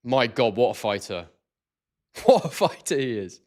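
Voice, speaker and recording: An excitable man talking straight to his viewers on a live stream. He is chatty and loose, and he keeps reading out names and messages from the chat. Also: mid-range voice, unhurried. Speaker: boxing stream host.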